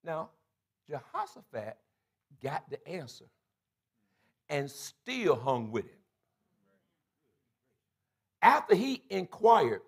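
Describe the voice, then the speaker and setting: A man preaching a sermon as bishop of his church, building to shouted climaxes, calling out to the congregation and acting out quoted voices. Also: fairly high pitch, sing-song, slow pace, gravelly, pauses often, slightly rough. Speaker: bishop and pastor. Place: church sanctuary.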